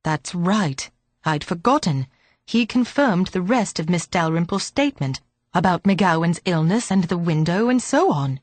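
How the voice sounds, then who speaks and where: A woman voicing a brisk, thoughtful police chief inspector who asks clipped, businesslike questions. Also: high voice, animated, dry recording.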